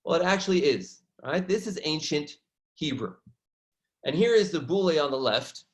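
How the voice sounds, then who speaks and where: A male educator teaches an online lesson from slides, speaking animatedly at a normal pace in a fairly high voice and often asking listeners "right?" to check in.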